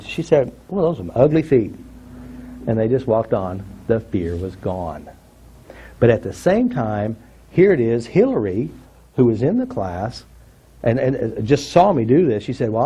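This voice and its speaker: Guy telling a story to a crowd, voice goes all over the place, kinda husky. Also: medium pitch. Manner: animated storyteller, acts out what people said; asks the audience questions. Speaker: workshop speaker. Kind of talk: storytelling talk to an audience.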